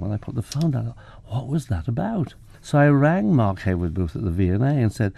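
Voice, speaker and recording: A man's voice: medium pitch, animated, fairly quick, gravelly, dark tone, no room sound. An older man from England, a photographer and professor, telling anecdotes in an interview and acting out the dialogue. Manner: anecdotal, acts out quoted dialogue, self-deprecating. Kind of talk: relaxed interview storytelling.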